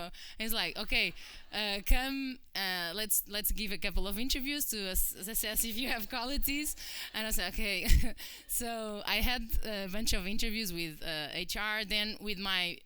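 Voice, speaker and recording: A woman's voice: mid-range voice, smooth, dry recording. A woman in her thirties from Portugal with a Portuguese accent, giving a chatty conference talk and acting out quoted voices. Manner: chatty, animated, acts out quoted voices, many fillers. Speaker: conference speaker. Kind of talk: personal talk to an audience.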